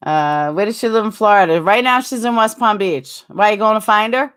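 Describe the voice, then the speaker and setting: A middle-aged woman hosting a casual live-stream chat, rambling and animated, answering viewers with frequent ums and quick asides. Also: smooth. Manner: animated, jumps higher when acting out quotes.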